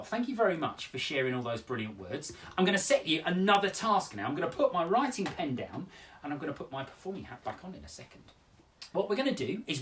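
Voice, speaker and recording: A man's voice: medium pitch, a bit bright, recorded from a distance. A man hosting a children's poetry show from home, playful and talking straight to young viewers as he leads word games and performs his poems. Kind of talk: live-streamed poetry workshop and performance for children.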